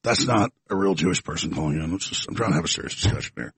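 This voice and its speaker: A man's voice: low-pitched, rapid-fire, a bit bright, husky, no room sound. A male talk show host taking calls, blunt and skeptical with the caller. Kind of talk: call-in radio talk.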